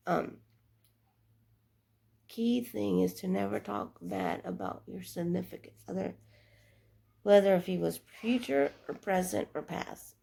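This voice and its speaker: A woman's voice: mid-range voice, gravelly, dark tone. A young adult woman giving earnest, rambling life advice in a casual monologue. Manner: earnest, preachy, rambling with restarts.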